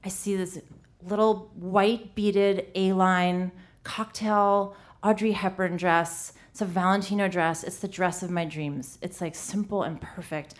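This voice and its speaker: A woman's voice: medium pitch, fairly even intonation, a little slow. Funny woman in her 30s telling a story on stage, lots of "like", pokes fun at herself. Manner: comic, self-deprecating, lots of "like". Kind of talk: live storytelling.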